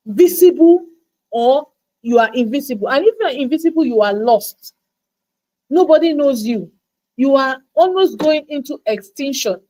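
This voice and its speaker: A woman coaches her listeners in an emphatic motivational talk. Her voice sits high, and she repeats words for stress. She acts out the doubts of her audience in quoted asides. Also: darkish tone, low-quality recording. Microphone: livestream mic.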